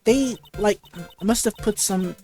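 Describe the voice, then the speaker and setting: A woman voicing a ditzy young valley-girl woman, halting and stuttering through her lines full of fillers. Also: mid-range voice, mellow, soft background music, lightly acted. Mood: airheaded. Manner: halting reading with stutters and restarts.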